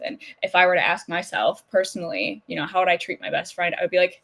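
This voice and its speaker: A woman co-hosting a wellness podcast, talking in a relaxed, chatty way with plenty of affirming fillers. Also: lowish voice, fairly quick. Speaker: podcast co-host. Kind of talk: casual podcast conversation.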